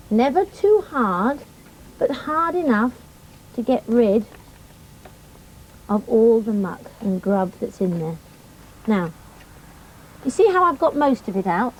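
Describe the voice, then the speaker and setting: A patient, middle-aged woman walks children through each task in a calm, gentle teaching voice. Her tone sits a little on the high side, with faint background noise behind her. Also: low-quality recording. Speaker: riding instructor. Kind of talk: hands-on demonstration teaching children.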